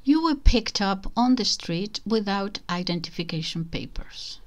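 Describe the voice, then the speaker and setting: A woman's voice: mid-range voice, lively intonation, measured pace, natural voice. A woman voicing a mocking, condescending uniformed male official in a spoken storybook reading.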